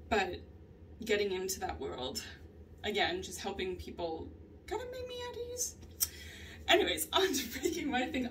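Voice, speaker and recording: A young woman talking candidly in a casual vlog, swearing often and laughing through her stories. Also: a little high. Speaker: vlogger. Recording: distant mic with faint ambient noise.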